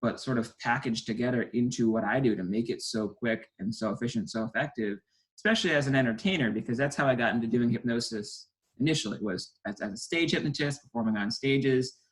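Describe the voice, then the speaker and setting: Young guy in his 20s, hypnotist on an interview, talks eager and quick, mid pitch. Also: poor audio. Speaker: stage hypnotist guest. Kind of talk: casual interview talk.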